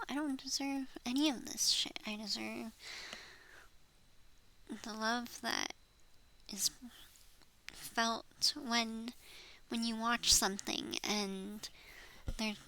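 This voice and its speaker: A woman's voice: fairly high pitch, vocal fry, pushed and bright, slight background noise, poor audio. A woman in her thirties rambling in a personal vlog, frustrated, trailing off and swearing as she vents. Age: 30s. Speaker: vlogger. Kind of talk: rambling personal venting monologue.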